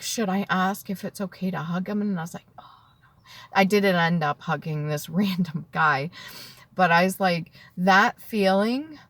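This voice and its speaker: A woman's voice: medium pitch, no echo. Heartfelt woman in her thirties, dry and close. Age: 30s. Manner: tearful and heartfelt, drifting between soft whispers and earnest talk. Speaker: vlogger. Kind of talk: emotional personal story to camera.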